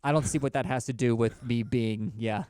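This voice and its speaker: Man, mid pitch, animated, casual joking, dry close-miked sound. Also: a little fast, clear, resonant tone, no echo. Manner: animated, swearing, jokey asides. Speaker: podcast co-host. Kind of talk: casual comedic chat.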